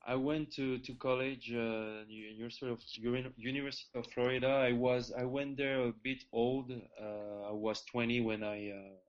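A hesitant man in his thirties with a French accent speaks English as a second language in a flat, even tone. The sound is a little dull, and he stumbles and restarts as he talks. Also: mid-range voice, moderate pace, few pauses. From France. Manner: hesitant, many restarts and fillers. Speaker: guest, former tennis pro.

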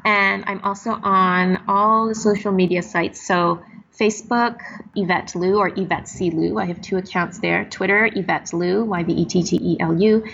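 A woman's voice: medium pitch, vocal fry, fairly bright tone, lo-fi sound, a little hiss or hum. Earnest woman guest giving advice. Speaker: guest, doctor and actor. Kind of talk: podcast interview.

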